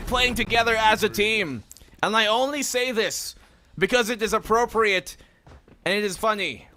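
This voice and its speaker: Guy casting esports, high bright voice, explains the plays, little hiss behind. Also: lively intonation, moderate pace. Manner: analytical, breaks down plays. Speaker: esports caster. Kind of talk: esports commentary.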